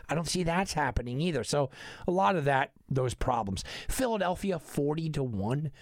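A man delivering an opinionated sports betting monologue, animated and arguing with himself, with frequent restarts. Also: medium pitch, no echo, studio quality.

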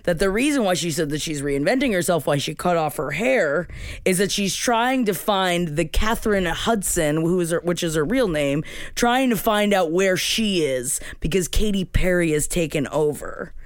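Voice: mid-range voice, lively intonation, normal speed, no echo. Blunt podcast co-host, dry close sound. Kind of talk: casual gossip chat.

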